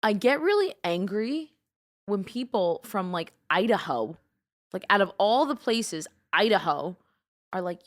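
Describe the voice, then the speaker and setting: A woman's voice: medium pitch, a little slow. A young woman from New York with a New York accent, hosting a casual solo podcast and rambling in an opinionated way, full of "like". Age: young adult. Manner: rambling, lots of "like", animated and opinionated. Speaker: podcast host.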